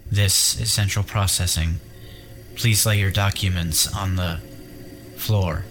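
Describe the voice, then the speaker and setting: A man voicing a cold, sexless synthetic guide that speaks in a flat, clipped, formal monotone. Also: low-pitched, slow pace, soft background music, exaggerated voice.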